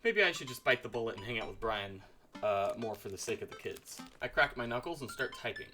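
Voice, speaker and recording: A man's voice: mid-range voice, expressive, a little fast, sharp tone, faint music behind. A man giving playful, jokey commentary as he plays through a story game. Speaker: game streamer. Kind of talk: let's-play commentary.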